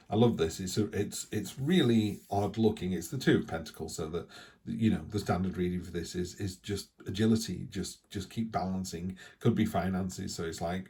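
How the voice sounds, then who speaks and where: Guy doing a chatty tarot reading, bit low voiced, rambles and restarts a lot. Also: gravelly, mellow, breathy edge. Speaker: tarot reader. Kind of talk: casual weekly tarot reading.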